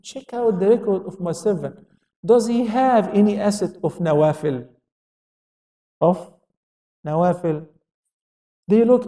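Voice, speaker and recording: At a moderate pace, a man with a slightly high voice and dark tone delivers an Islamic lecture. He asks his audience questions and answers them himself, adding Arabic quotations, in an echoey hall where he stands far from the mic.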